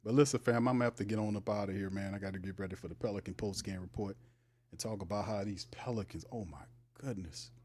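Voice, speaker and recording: A man's voice: on the low side, quick pace, darkish tone, husky. A man hosting a sports livestream, talking casually and animatedly, teasing his chat and laughing often. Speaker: sports show host.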